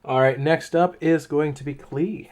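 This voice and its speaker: A man's voice: fairly high pitch, steady tone, measured pace, darkish tone. A man acting as game master in casual chat, matter-of-fact and slightly flustered.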